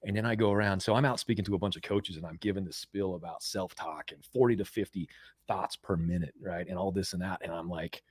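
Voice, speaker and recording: American man, 40s, interview guest coach; animated storyteller who repeats himself, low-ish voice, dry mic. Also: quick pace, husky, no room sound. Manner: animated, repeats words, acts out quoted voices loudly. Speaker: mental performance coach, guest.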